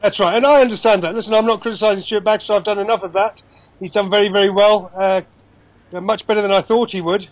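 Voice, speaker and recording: A man in his fifties from England, chatting about football over a video call, opinionated and quick with asides. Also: high-pitched, steady tone, no echo, poor audio. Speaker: football commentator guest.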